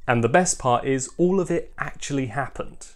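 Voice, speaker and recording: A man's voice: medium pitch, normal speed. A young man narrating a scripted book review video with wry, dry asides.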